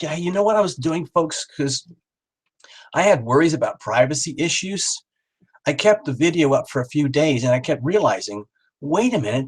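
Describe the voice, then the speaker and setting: A man's voice: a little high, breathy edge. A middle-aged man hosting a live tarot stream, rambling and joking as he calls out viewers by name. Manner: jokey, rambling, talks straight to viewers by name.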